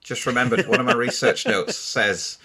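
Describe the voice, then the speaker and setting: A man co-hosting a casual podcast, cracking quick jokes. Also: medium pitch, animated, bright, forceful tone, a little hiss or hum. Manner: quick-witted, joking. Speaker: podcast co-host.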